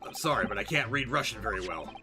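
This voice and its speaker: A man's voice: on the low side, expressive, fast talker, over music, voice pushed down, natural voice. A man doing a scratchy-voiced oddball inspector. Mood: cheery. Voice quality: scratchy, gravelly. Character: eccentric undercover male police inspector.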